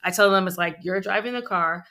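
A woman's voice: medium pitch, brisk, bright, forceful tone. A middle-aged woman, a physician guest, talking in a chatty, joking, conversational way. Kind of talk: conversational interview.

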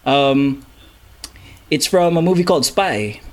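A man hosting a podcast in casual chat, excitable, laughing often and stumbling over his words. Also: mid-range voice, slow pace. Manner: excitable, laughs often, stammers and repeats himself. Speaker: podcast host.

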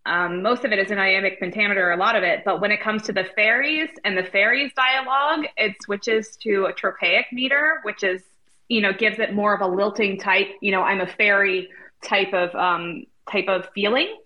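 A woman's voice: mid-range voice, moderate pace, highs cut off. A woman co-hosting a podcast, chatting in a friendly, conversational way over a video call. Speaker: podcast co-host. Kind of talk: casual discussion.

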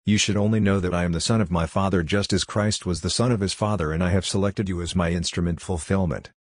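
Guy reading as a calm otherworldly temptress, low reverberating voice, real deep and husky. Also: clean studio sound. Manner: calm, preaching, unhurried. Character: calm seductive female divine being, tall, uncanny. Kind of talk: audiobook reading.

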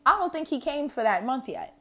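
A woman's voice: sits high, very animated, a little fast. A woman with a New York accent telling a storytime vlog in a brash, casual way, full of slang and swearing. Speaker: vlogger.

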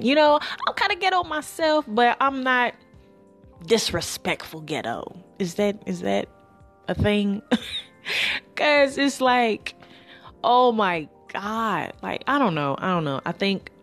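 Woman podcast host, solo chat, slow drawl, lower voice, loose slangy rambling, faint music underneath. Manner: rambling, slangy, with sighs and pauses. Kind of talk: casual solo podcast monologue.

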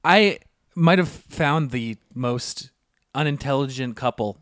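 A man co-hosting a casual podcast, telling stories full of swearing and loud laughs, acting out the people in them. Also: mid-range voice, takes it slowly, no echo, clean studio sound. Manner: swearing storyteller, acts out voices, laughs loudly. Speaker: podcast co-host.

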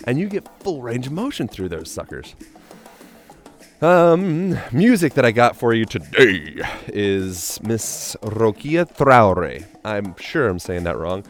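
A man's voice: mid-range voice, very animated, unhurried, faint music behind. A man hosting a podcast, talking in a loose, joking, playful way. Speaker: podcast host. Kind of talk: casual podcast monologue.

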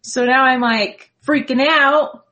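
A woman's voice: sits high, fairly even intonation, takes it slowly, bright, forceful tone, poor audio. A woman in her thirties, a mother chatting casually and telling a story, acting out the lines of her son. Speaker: mom and co-host.

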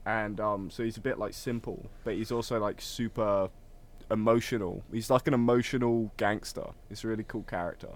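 A man's voice: lowish voice, steady tone, moderate pace, few pauses. A young man co-hosting a podcast in casual chat, rambling and self-deprecating with lots of fillers. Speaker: podcast co-host.

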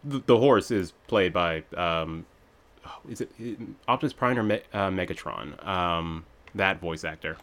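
A man's voice: low-pitched, measured pace, fairly bright tone. A man co-hosting a podcast, chatting casually and wryly as he picks apart a movie. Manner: wry, critical, rambling asides. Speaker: podcast co-host. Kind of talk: casual film review chat.

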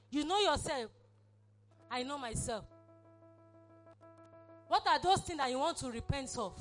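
A woman's voice: high-pitched, expressive, measured pace, pauses often, soft background music. A woman pastor, preaching a sermon and leading an altar call with fervent, repeated exhortations. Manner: fervent, repetitive exhortation, acted prayers.

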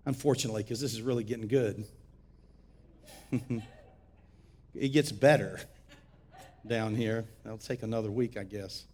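A man preaching a sermon as pastor, shifting between shouted exhortation and quiet, close teaching. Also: fairly low pitch, steady tone, measured pace, long pauses.

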